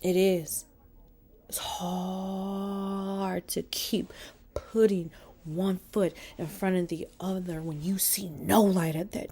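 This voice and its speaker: A woman self-filming a heartfelt motivational talk, speaking earnestly and often dropping to a hushed near-whisper. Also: fairly low pitch, vocal fry. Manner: earnest, heartfelt, swears, calls viewers y'all and baby. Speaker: motivational vlogger. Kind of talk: casual motivational talk to camera. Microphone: self-filmed with a selfie light.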